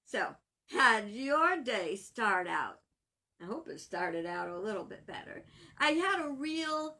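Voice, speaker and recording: Bright-voiced woman minister, slow and chatty. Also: a little high. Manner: chatty, laughs often. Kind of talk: casual storytelling vlog.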